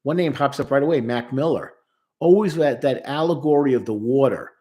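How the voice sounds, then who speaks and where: This therapist's mid-range voice is a little mellow and fairly quick. Explaining a song with emphasis, he quotes its lyrics and acts out its lines and voices.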